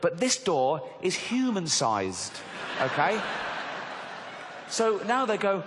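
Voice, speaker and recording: An English man in his forties performs a mocking stand-up routine, his voice swinging widely in pitch. He sounds slightly high for a man. The mic catches the long reverb of a large theatre hall. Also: slow, pauses often, background noise. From England. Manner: animated, mocking, slips into squeaky put-on voices. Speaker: stand-up comedian. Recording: live hall with reverb and crowd.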